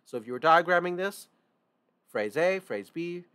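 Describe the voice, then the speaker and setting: A man's voice: fairly high pitch, lively intonation, moderate pace, a bit bright, clear, resonant tone. Casual male music theory teacher. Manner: informal and repetitive, stressing key points, with restarts. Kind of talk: casual online lesson.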